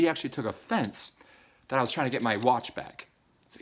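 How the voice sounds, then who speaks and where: A man's voice: medium pitch, animated, a little fast, long pauses. A man giving a rambling personal monologue in casual slang, repeating himself and getting emotional. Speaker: vlogger.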